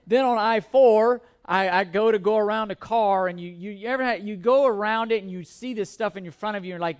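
A middle-aged male pastor preaching a sermon, telling a self-deprecating personal story with animated, humorous delivery before turning to scripture. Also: high voice, a little fast, few pauses.

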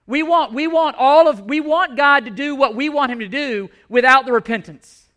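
A man's voice: very high-pitched, moderate pace, fairly bright tone. A male pastor preaching a sermon, impassioned and emphatic, repeating his key points.

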